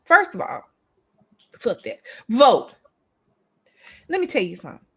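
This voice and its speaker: A woman co-hosts a couples' YouTube channel, chatting bluntly, swearing freely and hammering her points through repetition. Her voice is a little high and husky, with huge pitch swings and an unhurried pace.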